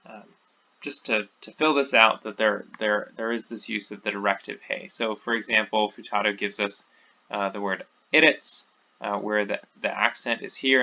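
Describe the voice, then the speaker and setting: A man talks through a recorded lecture in a loose, unscripted way, full of ums and false starts. His voice is gravelly with a bright edge, and the audio sounds dull and lo-fi. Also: medium pitch. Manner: informal, many fillers and restarts. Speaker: teacher.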